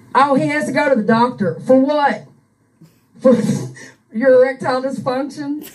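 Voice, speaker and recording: A woman's voice: high-pitched, measured pace, distant mic, rough recording. A woman on her couch reading out a troll's texts and mocking him in a crude, profane rant, laughing often. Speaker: streamer ranting at an online troll. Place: on a couch at home. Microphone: handheld microphone.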